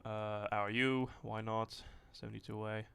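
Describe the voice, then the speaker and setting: Gravelly man streaming a tank game. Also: fairly low pitch, unhurried. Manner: thinks aloud, rambling and relaxed, swears casually. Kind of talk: casual livestream commentary.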